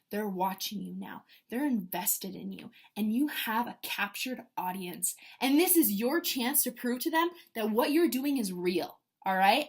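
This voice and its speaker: A woman giving an energetic motivational pep talk to her sales team, emphatic and swinging between loud bursts and hushed asides. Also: fairly high pitch.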